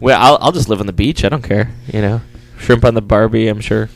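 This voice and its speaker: A man's voice: fairly low pitch, brisk, creaky, poor audio. A man in a band, chatting casually in a radio studio interview, rambling with fillers and frequent chuckles. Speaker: band member.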